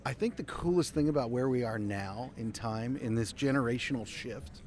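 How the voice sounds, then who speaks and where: A man of middle pitch hosts a live podcast chat in a loose, conversational way. He often stops to hunt for the right word before pressing on. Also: moderate pace, darkish tone. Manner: conversational, searches for words. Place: outdoor trade skills event.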